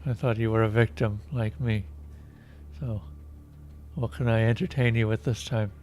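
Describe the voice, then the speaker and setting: A man voicing a dull, unshaven man in a role-playing game, talking in a boring monotone. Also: on the low side, moderate pace, slight background noise, voice pushed down, natural voice. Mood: droning.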